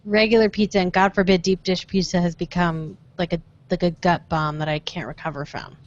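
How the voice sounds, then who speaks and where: A woman's voice: lowish voice, fairly even intonation, brisk. A woman hosting a casual after-show podcast chat, jokey and chatty, often hunting for the right word. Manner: chatty, jokey, searching for words. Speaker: podcast host. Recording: dull lo-fi podcast audio.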